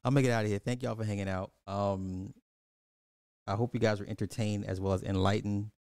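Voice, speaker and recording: A man's voice: fairly low pitch, steady tone, brisk, creaky, darkish tone, clear, resonant tone, dry recording, studio quality. A man hosting a podcast, animatedly recapping a movie, repeating phrases and acting out the characters. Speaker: podcast host. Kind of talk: casual movie recap commentary.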